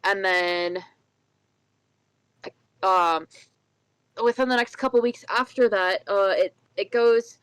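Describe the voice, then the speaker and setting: A woman's voice: medium pitch, smooth, no room sound, poor audio. A woman co-hosting a casual chat show, rambling and correcting herself, slipping into a put-on Irish lilt. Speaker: podcast co-host.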